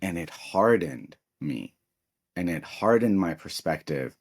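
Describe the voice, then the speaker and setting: A man with a very low voice speaks in a loose, conversational way. He tells a personal story full of "like" and small restarts, and he slips into short mimicked quotes of other people along the way. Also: very animated, unhurried, slightly rough. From Israel. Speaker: podcast co-host. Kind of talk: casual conversation.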